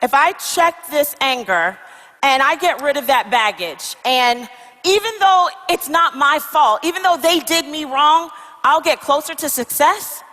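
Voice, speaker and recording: A woman's voice: sits high, expressive, measured pace, pushed and bright, long reverb tail, full character voice. A woman playing a weary traveler who talks hesitantly and confessionally about her doubts in a motivational comedy skit. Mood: doubtful.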